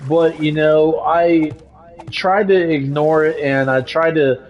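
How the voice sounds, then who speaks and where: Slow-talking man streaming a game. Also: on the high side, little pitch movement, lo-fi sound. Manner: frustrated, hesitant, many restarts and fillers; swears at the game. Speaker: streamer playing a building game. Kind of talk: casual chat while gaming.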